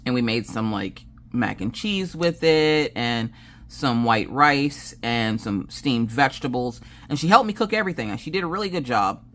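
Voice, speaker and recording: Chatty Southern mom telling family stories. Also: female voice, extremely low pitch, expressive, normal speed, a bit bright. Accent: Southern American. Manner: chatty storyteller who acts out family dialogue; swears casually. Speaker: crafting channel host. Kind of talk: casual chat while crafting.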